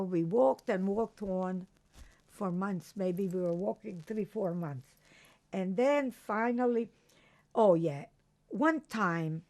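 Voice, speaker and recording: Older woman, slow gravelly testimony. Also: on the low side, darkish tone. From Croatia. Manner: slow, halting recollection with restarts. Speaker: interviewee. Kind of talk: oral history testimony.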